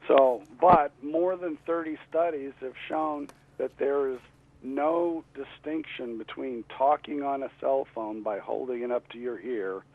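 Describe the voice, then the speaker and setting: A man with a congested cold voice, speaking as a state representative guest in a phone interview, halting with fillers and throat clearing. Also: medium pitch. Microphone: telephone. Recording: tinny phone line.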